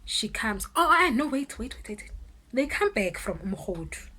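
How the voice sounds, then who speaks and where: Bright-voiced South African woman telling a story. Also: fairly high pitch, a little slow, slightly rough. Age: 20s. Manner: animated, code-switching, loud exclamations. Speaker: vlogger. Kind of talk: storytime vlog.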